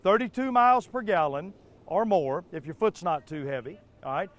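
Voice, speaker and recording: With a high, slightly bright voice, lively intonation and a moderate pace, a man pitches cars live for a dealership TV spot out on the lot. He repeats his deals over and over, asking "all right?" and "okay?" along the way.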